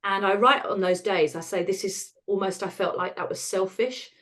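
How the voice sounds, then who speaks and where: A woman, a podcast guest talking frankly about hard times, laughing at the dark parts. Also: mid-range voice, normal speed. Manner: frank and self-deprecating, laughs at dark moments. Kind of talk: candid conversational storytelling.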